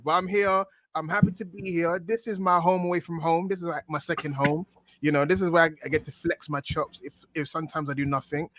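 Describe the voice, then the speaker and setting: A man's voice: high-pitched, fast, a bit bright, dry recording. A man guesting on a podcast, chatting in a playful, rambling, jokey way over a video call. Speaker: guest pundit. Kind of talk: casual podcast chat.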